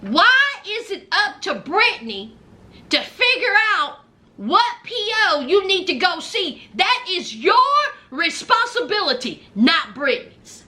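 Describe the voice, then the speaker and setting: With an extremely high, pushed and bright voice that swings widely in pitch, this woman takes her time recapping a reality show. She chats casually and sassily in slang, talking straight to the people on screen and to viewers, calling them y'all.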